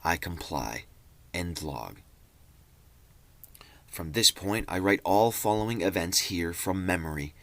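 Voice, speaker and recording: A man reading a diary aloud in a theatrical way, even speaking the punctuation marks. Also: deep voice, slow pace, pauses often. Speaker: reader.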